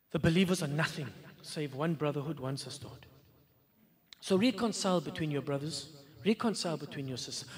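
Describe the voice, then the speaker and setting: Animated man preaching. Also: a little high, fairly quick. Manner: animated, rhetorical questions, recites Arabic verses then translates. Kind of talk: sermon.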